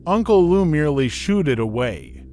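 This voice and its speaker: A man narrating a scripted horror story in a steady, measured reading. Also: on the high side, a little hiss or hum.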